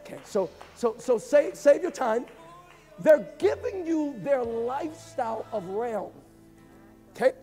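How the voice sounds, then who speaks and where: High-voiced preaching man, mellow tone. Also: animated, unhurried, soft background music. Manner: emphatic preaching, swings between shouting and hushed low delivery. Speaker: pastor. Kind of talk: sermon. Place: church.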